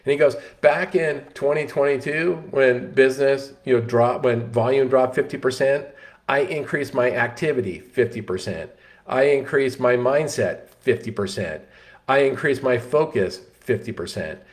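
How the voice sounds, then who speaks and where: A man's voice: mid-range voice, normal speed. Man telling a story. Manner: animated storyteller, frequent restarts and "you know" fillers. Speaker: host. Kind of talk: casual storytelling talk.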